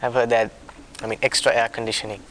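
A man leading a small discussion group, talking in a soft, apologetic way with many restarts. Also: mid-range voice, flat delivery, fast. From a warm-climate country. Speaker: discussion leader. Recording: background noise.

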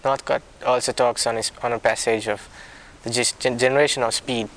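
A man leading a small discussion group, talking in a soft, apologetic way with many restarts. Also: medium pitch, steady tone, a little fast. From a warm-climate country. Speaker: discussion leader. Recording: background noise.

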